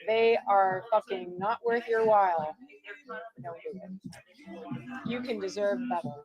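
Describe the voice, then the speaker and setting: A woman's voice: medium pitch, a little slow, highs cut off. A woman co-hosting a casual film festival wrap-up, bluntly and animatedly retelling film plots. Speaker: co-host reviewing festival films. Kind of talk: casual chat. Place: bar or restaurant. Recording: noisy bar crowd behind. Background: crowd chatter.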